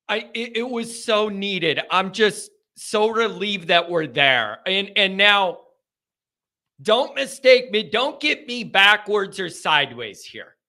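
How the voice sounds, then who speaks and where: A man hosting a live sports reaction show, talking casually with an emphatic, excitable, ranting manner. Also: high voice. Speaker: sports fan show host.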